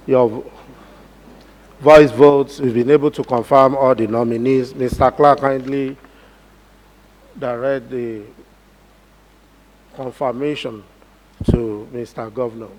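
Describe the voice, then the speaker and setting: Slow-paced Nigerian man chairing a house session. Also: mid-range voice, steady tone, darkish tone, low-quality recording. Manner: measured, formal procedural cadence. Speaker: presiding officer of a legislative assembly. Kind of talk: formal parliamentary chairing. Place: legislative chamber.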